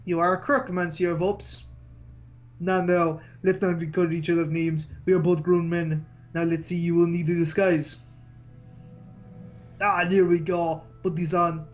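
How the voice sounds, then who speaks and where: A woman's voice: fairly low pitch, flat delivery, measured pace, soft background music, lightly acted. A woman reading as a grand bird lawyer.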